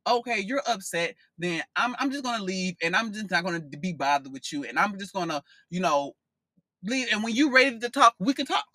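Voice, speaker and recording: A man doing a calm, unbothered woman who won't argue and would rather walk away, sounding dismissive. The voice is slightly raised in pitch and bright, and it stays close and dry. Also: brisk, no echo, full character voice.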